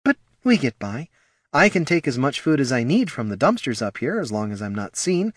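A man voicing a poor, proud female gnoll mother who speaks softly and pleads, in a storybook reading. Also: medium pitch, big pitch swings, normal speed, dry recording, studio quality, pitched above the performer's own voice. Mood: sorrowful.

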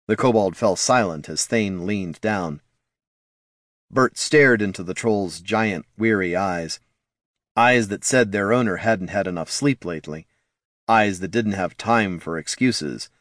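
A man narrating an audiobook in an expressive storytelling manner. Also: on the low side, measured pace, dry recording, studio quality.

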